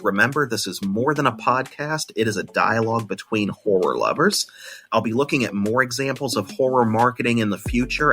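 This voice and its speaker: A young man hosting a solo podcast, thinking out loud and often restarting with repeated words. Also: medium pitch. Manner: analytical, thoughtful, repeats words when restarting. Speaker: podcast host.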